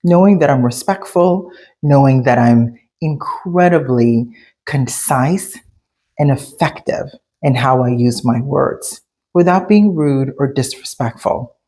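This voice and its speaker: A woman with a low, grounded voice talks through a personal experience. She tells it candidly and conversationally, pressing emphatically on the moments that matter as she draws out the lesson. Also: slow, dark tone. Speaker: speaker sharing life lessons. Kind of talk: personal storytelling monologue.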